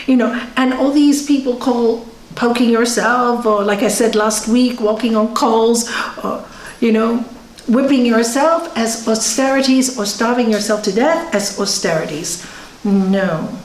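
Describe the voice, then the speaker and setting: Brief: fairly high female voice, animated yoga teacher, echoey hall. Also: measured pace. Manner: conversational, animated, tells stories with acted quotes. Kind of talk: spiritual teaching talk. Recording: echoey room.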